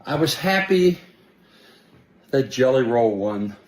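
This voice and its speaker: A man's voice: medium pitch, big pitch swings, takes it slowly, darkish tone. An older man talking into his phone on a livestream, rambling and short of breath. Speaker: clip of a singer on a livestream. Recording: roomy clip with faint background noise.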